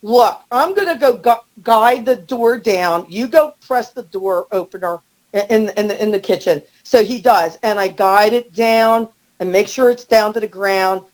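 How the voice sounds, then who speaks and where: A middle-aged woman telling a story as a podcast guest, animated and acting out the quotes. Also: normal speed, rough recording. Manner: animated, acts out quotes with rising pitch. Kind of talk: storytelling in casual chat.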